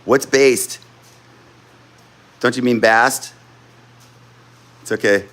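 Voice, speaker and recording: A man chats with his livestream viewers in a loose, rambling way. He swears freely and laughs often. His voice sits at an ordinary middle pitch and is picked up on a streamer's computer mic. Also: steady tone, extremely slow, long pauses, fairly bright tone. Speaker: livestream host. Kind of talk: casual livestream chat with viewers.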